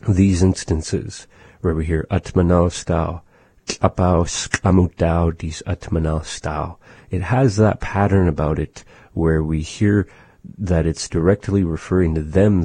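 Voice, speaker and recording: A man slowly explaining words and phrases in a language lesson, patiently repeating each word for the listener. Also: deep voice, steady tone, dark tone, breathy edge, no room sound. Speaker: language teacher.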